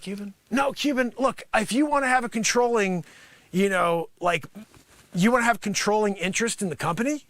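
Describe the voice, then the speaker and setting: A man with a high, bright, sharp voice improvises a sarcastic comedy sales pitch on a live stream. He rambles through filler phrases and swoops wildly up and down in pitch, breaking into loud bursts. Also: no echo. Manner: animated, jumps to loud outbursts.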